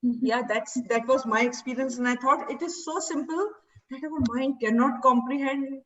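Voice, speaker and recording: A woman's voice: sits high, normal speed, a little hiss or hum. Woman healer, chatty storyteller, distant lo-fi mic. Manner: chatty, frequent fillers and restarts. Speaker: healer and seed therapy teacher. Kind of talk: personal storytelling. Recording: distant, dull lo-fi sound.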